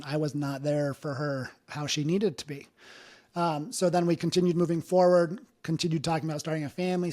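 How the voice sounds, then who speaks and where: A man's voice: a little high, darkish tone. A man in his thirties telling his own life story in an interview, earnest and emotional, with many fillers. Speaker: interview guest, business owner. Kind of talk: candid personal storytelling.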